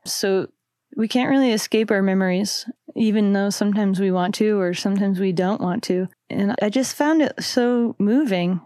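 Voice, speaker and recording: A woman's voice: medium pitch, normal speed, no room sound, studio quality. A young adult woman, a musician guest, talking reflectively in a casual interview, rambling and correcting herself. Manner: reflective, rambling, self-interrupting with soft laughs.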